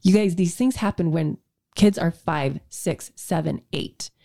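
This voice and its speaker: A woman's voice: on the low side, measured pace, gravelly, mellow. Chatty sarcastic woman podcaster. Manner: chatty, sarcastic asides, frequent restarts. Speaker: podcast co-host, health practitioner. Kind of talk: casual podcast chat. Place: home podcast room.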